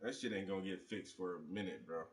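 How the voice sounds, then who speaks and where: A man's voice: deep voice, fast talker, roomy sound, recorded from a distance. A man hosting a casual chat, talking loosely in slang and laughing often.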